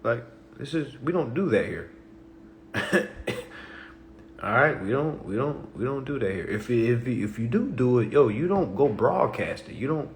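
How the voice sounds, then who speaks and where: A man hosting a casual livestream, talking emphatically and tagging his points with all right and okay, shifting from low-key talk to loud animated bursts. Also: normal speed, a little hiss or hum. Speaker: livestream host.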